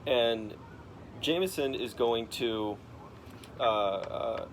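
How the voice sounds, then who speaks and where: A young man walks his father through a comic book plot. He talks casually in an average-pitched voice, halting and restarting often, with a faint hiss of noise behind him. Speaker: son explaining a comic to his dad. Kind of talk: casual storytelling.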